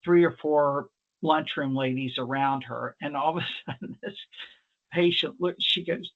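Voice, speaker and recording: A man's voice: fairly high pitch, a little slow. A man with a slightly raised voice tells a workplace story during an online presentation. He rambles and restarts often, and the call audio comes through dull and lo-fi. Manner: rambling, chatty, many fillers and restarts. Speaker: nurse presenter. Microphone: video call.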